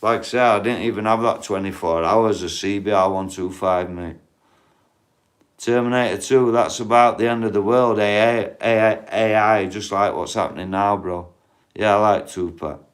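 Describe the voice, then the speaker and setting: A man's voice: on the low side, moderate pace. A man, rambling and swearing as he chats casually with viewers on a livestream.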